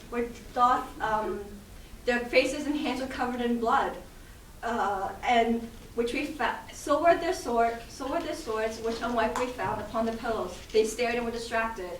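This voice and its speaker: Teen girl reciting lines haltingly. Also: fairly high pitch, slight background noise. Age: teens. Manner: halting, with fillers and restarts. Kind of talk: student stage performance. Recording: echoey room, distant mic.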